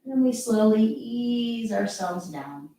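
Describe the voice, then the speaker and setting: A woman yoga teacher guiding a relaxation with soft, calm, encouraging cues. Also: a little high, takes it slowly. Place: practicing at home. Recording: very echoey room, distant mic, music behind.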